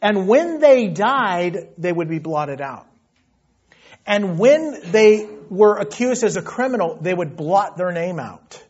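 A man preaching a sermon with passion, dropping to a hush and then rising loud and fervent. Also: sits high, sing-song, takes it slowly, breathy edge, dull audio. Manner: impassioned, swings from hushed to loud. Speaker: pastor.

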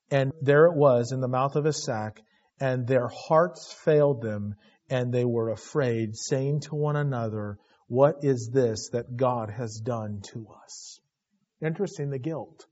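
A man's voice: fairly high pitch, darkish tone. A man preaching an expository sermon, reading scripture aloud and retelling it in a conversational way, building emphasis as he goes. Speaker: Bible teacher. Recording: dull lo-fi recording.

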